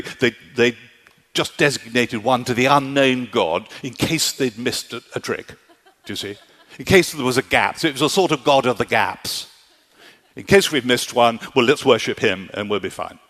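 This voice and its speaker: A man's voice: mid-range voice, fairly bright tone. A man preaching a sermon in an emphatic style, often checking in with his listeners by asking if they see his point. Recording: long hall reverb.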